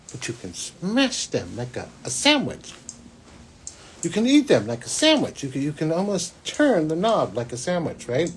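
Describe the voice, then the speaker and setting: A man, a psychic hosting his own show, telling a personal story in a rambling, restarting way that swings between loud and hushed. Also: on the high side, a little hiss or hum. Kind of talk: spiritual podcast monologue, personal storytelling.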